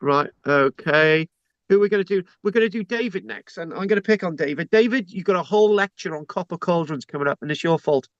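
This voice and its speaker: British man hosting an online class, higher voice, chatty and jokey, dry dull call sound. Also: brisk, no room sound. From Britain. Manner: chatty, joking, frequent restarts. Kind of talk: informal online lecture. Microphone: video call.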